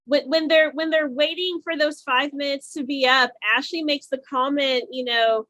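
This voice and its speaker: High-voiced woman recapping a reality show. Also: fairly even intonation, sharp tone, dry recording. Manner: quick play-by-play recap with frequent restarts. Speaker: podcast co-host.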